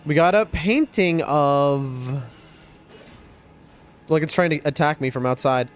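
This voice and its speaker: Excitable male game streamer talking to chat. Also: fairly high pitch, slow. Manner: chatty, excitable, often addresses chat. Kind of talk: live gameplay commentary to chat. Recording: faint music behind voice.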